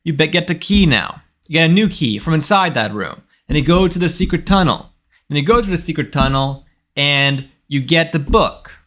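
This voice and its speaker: A young man in his twenties chats his way through a live coding stream, thinking aloud and restarting his sentences as he goes. His voice sits a little high for a man, and his talk is loose and rambling. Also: fairly bright tone. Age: 20s. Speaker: game developer streaming his work.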